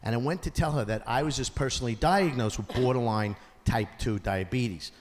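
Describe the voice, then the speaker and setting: A man doing a stand-up comedy set on a theater stage, acting out characters and shouting his punchlines. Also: medium pitch, fairly quick. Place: theater stage before a live audience. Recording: roomy hall sound with audience noise. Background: audience laughter.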